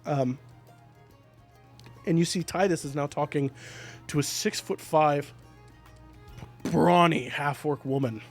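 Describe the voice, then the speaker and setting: A man serves as game master, describing scenes in a loose, chatty way with plenty of fillers. His voice is slightly high and gravelly, with faint music underneath. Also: slow pace, pauses often. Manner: casual, laughing, with fillers. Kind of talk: narrating a tabletop game.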